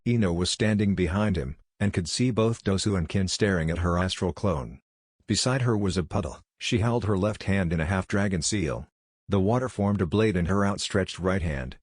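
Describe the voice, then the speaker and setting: A man giving a scripted narration of a fan story in a plain, even reading voice. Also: low voice, moderate pace, slightly rough, no room sound, clean studio sound.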